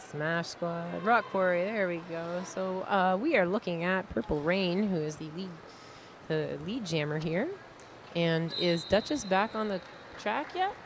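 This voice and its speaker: Calling a roller derby bout live from an indoor arena, this Maritime-accented Canadian announcer and skater is talkative and self-deprecating. She speaks slowly in a lowish voice over a noisy background.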